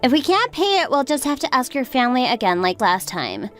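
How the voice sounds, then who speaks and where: A woman's voice: high voice, sing-song, fairly quick, fairly bright tone. A woman playing a worn-down young wife who talks in an anxious, pleading way. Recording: faint background music.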